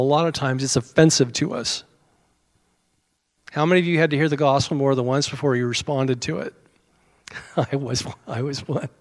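A middle-aged American man preaching a sermon in a conversational way, with asides to his congregation and small chuckles. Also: a little high. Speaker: pastor.

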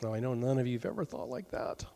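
A middle-aged male pastor preaching a sermon in a conversational way, with joking asides and quick acted-out voices. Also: mid-range voice, big pitch swings, creaky, warm tone.

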